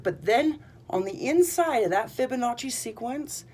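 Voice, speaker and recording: A woman's voice: a little high, lively intonation, normal speed, darkish tone, husky. Bubbly woman rambling to her viewers, tons of likes and you knows, healer vibe. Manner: rambling, bubbly, lots of fillers. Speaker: energy healer. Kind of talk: casual talk to camera.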